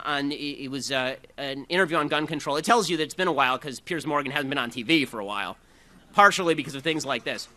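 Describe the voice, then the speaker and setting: A man giving a combative political speech, rapid-fire and sarcastic, in his thirties. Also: fairly high pitch, pushed and bright. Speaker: public speaker.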